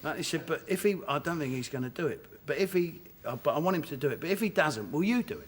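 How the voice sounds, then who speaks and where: A man with a Cockney accent, a talk show guest telling animated stories and laughing often in a television studio. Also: on the high side, quick pace, few pauses, breathy edge. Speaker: guest actor.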